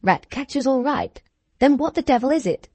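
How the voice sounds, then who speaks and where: A woman voicing a brusque young athletic gentleman. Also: on the high side, lively intonation, measured pace, slightly rough, no echo. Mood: angry. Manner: brusque and explosive. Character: blunt, hot-tempered young male athlete gentleman.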